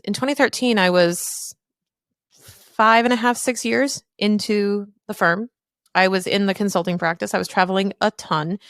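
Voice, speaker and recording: A woman's voice: medium pitch, no echo, clean studio sound. Candid woman host telling a personal story. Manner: candid, emphatic, swears casually. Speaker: podcast host.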